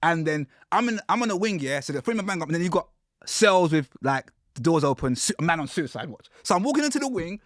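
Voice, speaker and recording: A man, a podcast guest telling his story in a casual, animated way. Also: on the high side, fast, no room sound, studio quality. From United Kingdom. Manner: animated storyteller, acts out quotes with slang.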